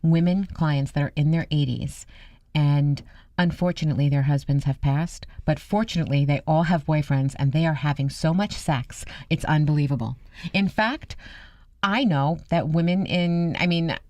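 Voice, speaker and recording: Animated woman radio co-host, dry studio sound. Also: sits low, normal speed, no room sound. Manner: animated, laughing storyteller. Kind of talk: casual radio chat.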